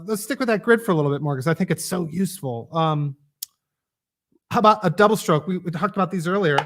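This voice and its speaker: A man teaches a drum lesson in a relaxed, chatty way, explaining rudiments and counting off exercises. His voice sits a little on the high side. Loud drumming and clicking noise runs behind him. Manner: casual, explains while playing, counts off exercises. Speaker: drum instructor. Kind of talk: live online drum lesson.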